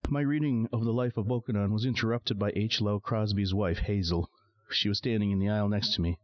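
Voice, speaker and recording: Deep-voiced man narrating a novel. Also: steady tone, brisk. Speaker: audiobook narrator. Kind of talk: scripted narration. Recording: dry, dull lo-fi sound.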